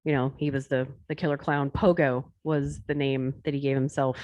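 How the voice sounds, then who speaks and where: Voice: mid-range voice, little pitch movement, normal speed, a little mellow, no echo, highs cut off. A podcast co-host in casual chat, mostly giving short reactions, then explaining at length.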